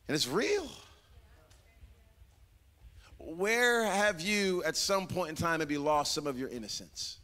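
A man's voice: fairly high pitch, animated, unhurried, hardly any pauses, sharp tone, in a large hall. A man preaching a sermon as pastor, dramatic and acting out voices, repeating phrases for emphasis. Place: church sanctuary.

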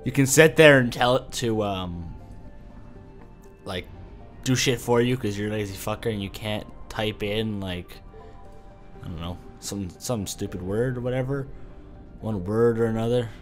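With soft music in the background, a gamer talks in a lowish voice, unhurried and pausing often. His let's play commentary rambles and is full of profanity as he thinks out loud while playing a video game.

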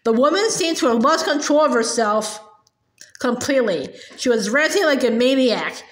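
A woman's voice: sits high, expressive, moderate pace. A woman reading a children's novel aloud with expression, stumbling and repeating words now and then, in an echoey room. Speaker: storyteller.

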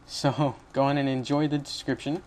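In a casual screen-recorded coding tutorial, a young man talks at a moderate pace with a medium-pitched, steady, darkish voice. His delivery is rambling and chatty, sprinkled with little laughs and frequent self-corrections.

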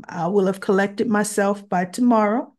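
A woman recapping a soap opera episode in a casual monologue, emotional and teary, exasperated and animated as she retells it. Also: mid-range voice, moderate pace.

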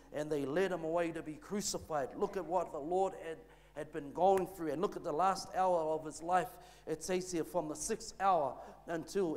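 A pastor preaching a sermon, reading scripture aloud, then praying and preaching with rising intensity. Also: male voice, on the high side. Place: church. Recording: long church reverb.

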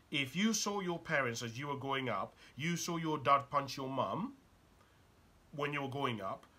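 A man gives a motivational talk in a bright, slightly husky voice. His pitch swings widely as he presses the listener with one probing question after another. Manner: urgent and probing, fires rhetorical questions at the listener. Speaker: motivational speaker and author.

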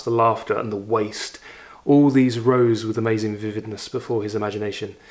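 Male literature teacher, mid-pitched, expressive reader with conversational asides. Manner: expressive reading, raises voice for quoted lines, reflective asides. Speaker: literature teacher reading aloud. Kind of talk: reading a story aloud with commentary.

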